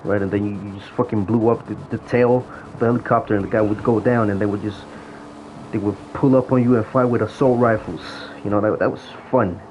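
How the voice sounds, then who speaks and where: A man's voice: fairly low pitch, steady tone, brisk, a little mellow. A man ranting in a casual, profane storytelling way about old times in an online game. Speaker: gaming vlogger. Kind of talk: casual rant. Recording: dull lo-fi audio with faint noise.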